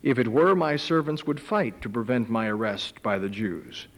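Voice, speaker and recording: A man voicing Jesus as a calm, grave figure who speaks low, quietly and in a measured way. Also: close to an everyday voice. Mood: solemn. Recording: long hall reverb.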